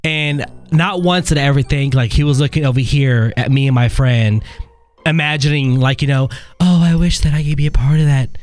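Man from Texas, podcast co-host, casual storytelling, acts out quotes, laughs a lot, slightly high voice. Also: normal speed, soft background music. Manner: animated, acts out quoted dialogue, laughs often.

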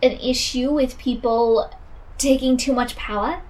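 A woman in playful, improvised comedic banter, quick to agree and tease. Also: sits high, fairly even intonation, darkish tone.

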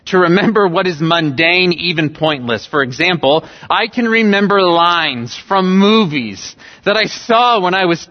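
A man from California preaching a sermon as pastor, emphatic, repeating key phrases and using humorous everyday illustrations, in a church sanctuary. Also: high-pitched. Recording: dull recording with long hall reverb.

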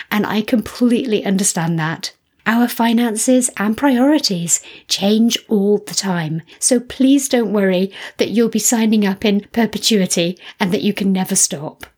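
Husky-voiced woman hosting a podcast. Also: mid-range voice, a little mellow. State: low energy. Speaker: podcast host. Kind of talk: solo podcast talk.

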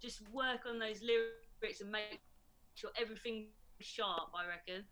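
A woman DJ giving her opinion of a new track on a radio panel. Her voice is bright and forceful, and she talks frankly and with energy. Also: mid-range voice, a little slow. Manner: frank, lively critic. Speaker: DJ and panel guest. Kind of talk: casual panel chat.

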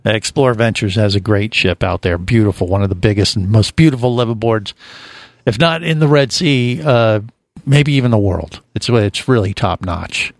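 A man's voice: lowish voice, normal speed, gravelly, dry recording, studio quality. A man hosting a casual podcast chat, rambling with lots of fillers and restarts. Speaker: podcast host.

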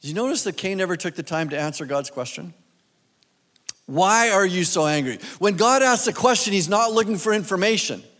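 A man's voice: sits high, fast, few pauses, a bit bright, long reverb tail. A man preaching a sermon as guest speaker, talking conversationally and asking his listeners questions. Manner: conversational, asks the audience questions.

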